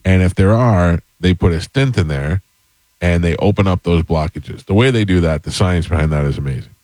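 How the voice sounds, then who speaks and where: Man, very low voice, casual storyteller, rambling, joking at himself, dry close sound. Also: fairly quick, dry recording. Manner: rambling, animated anecdote with self-deprecating humor. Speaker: podcast host.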